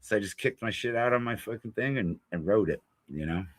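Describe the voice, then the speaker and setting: A man's voice: on the low side, a little fast, no room sound. A man guest telling a rowdy road-trip story in casual chat, swearing and laughing freely. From Florida. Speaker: blues musician guest.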